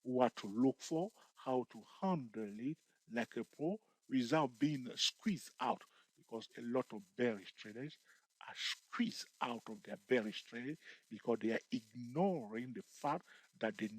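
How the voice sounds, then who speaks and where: A man's voice: mid-range voice, animated, a little slow, poor audio. A man teaching trading over a screen-share chart tutorial, often repeating checks like "you see" and "okay". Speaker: trading educator.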